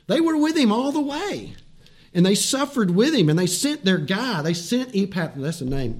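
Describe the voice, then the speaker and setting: A male pastor giving a conversational sermon, asking rhetorical questions and slowing down for emphasis. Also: high voice.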